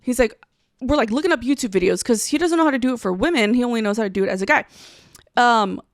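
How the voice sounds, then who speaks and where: A woman co-hosting a podcast, telling a story in casual chat, animated and swearing as she acts out quotes. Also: fairly high pitch, quick pace, dry recording, studio quality. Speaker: podcast co-host.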